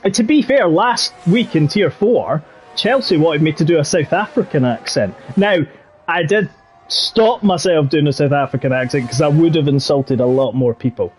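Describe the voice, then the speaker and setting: A man's voice: a little high, lively intonation, moderate pace, darkish tone, slight background noise. A man with a Yorkshire accent commentating a racing game live, chatty and jokey. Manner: chatty and jokey, drifting into banter. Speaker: league race commentator.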